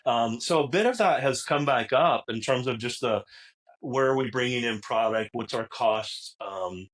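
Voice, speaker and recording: A man speaks as a podcast guest, relaxed and conversational. His voice sits at an ordinary middle pitch. He talks loosely and often pauses to rephrase. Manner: relaxed, many fillers and restarts. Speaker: guest, technology executive. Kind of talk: casual interview talk.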